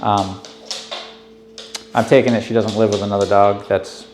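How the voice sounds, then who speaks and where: A man with a fairly low voice coaching a dog and talking through what he sees. He keeps a calm, even tone. The sound is roomy, with faint music behind him. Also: normal speed. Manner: soft, steady praise to a dog. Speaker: dog trainer.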